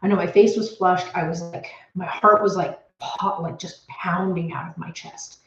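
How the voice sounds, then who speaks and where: In roomy, slightly muffled audio, a woman vlogger who runs a homestead channel nervously retells events to the camera from her home office, rambling, restarting many times and close to tears. Her voice is on the low side, steady in tone, at normal speed.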